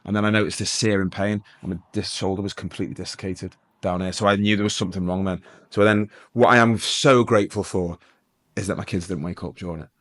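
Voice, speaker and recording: Middle-aged man, ex-police sergeant guest, rapid low-voiced storyteller. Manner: lively anecdotal, acts out dialogue. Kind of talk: casual storytelling interview.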